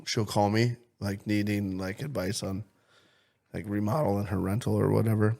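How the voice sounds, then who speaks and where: Crude joking man with a low voice. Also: steady tone, moderate pace, vocal fry. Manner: loud, crude, joking, swears constantly. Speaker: podcast co-host. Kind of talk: casual profane podcast banter.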